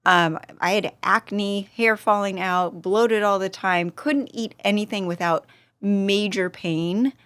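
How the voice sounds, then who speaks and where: Middle-aged woman, podcast guest, lively storyteller who voices other people's lines, dry close sound, mid pitch. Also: slow, clear, resonant tone, dry recording. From Southern California. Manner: animated storyteller, acts out quotes. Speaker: guest, supplement company founder. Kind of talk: casual storytelling interview.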